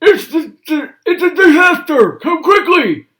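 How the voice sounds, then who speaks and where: A man reading aloud, voicing a frantic old grandfather who has lost his dentures and talks loudly, as if without teeth. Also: very high-pitched, animated, slow, voice pushed up, heavily acted. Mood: panicked. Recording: roomy echo.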